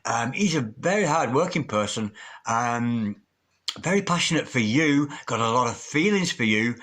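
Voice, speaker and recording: A man's voice: medium pitch, expressive, moderate pace, a bit bright. A man giving a tarot reading, chanting repeated invocations and calling listeners darling. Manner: affectionate, calls listeners darling. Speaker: tarot reader. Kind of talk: tarot card reading to camera.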